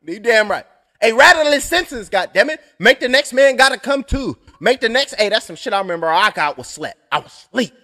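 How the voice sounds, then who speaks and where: A man's voice: very high voice, expressive, brisk, bright, forceful tone. A young adult man calling a fight blow by blow on a live stream, rambling and cursing with joking asides. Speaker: fight commentator.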